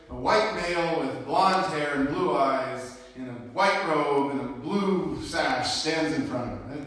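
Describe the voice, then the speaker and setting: A man's voice: mid-range voice, a bit bright. Man preaching in an echoey hall. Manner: conversational storytelling with casual asides. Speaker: pastor. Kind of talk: sermon. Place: church sanctuary. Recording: echoey church hall from far off.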